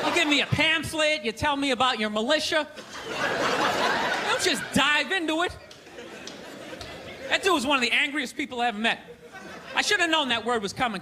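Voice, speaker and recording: A man with a strikingly high voice rants through a stand-up set and keeps breaking into shouts. He is on a theater stage, with a crowd laughing and reacting loudly around him. The recording carries a steady wash of audience noise. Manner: loud, ranting, mocking delivery with shouted bursts. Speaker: stand-up comedian. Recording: live show with crowd noise.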